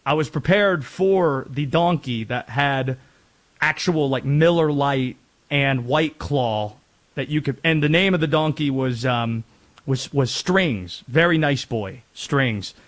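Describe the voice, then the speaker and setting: Chatty sports talk host from North Carolina. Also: male voice, medium pitch, takes it slowly. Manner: chatty, rambling, self-deprecating asides.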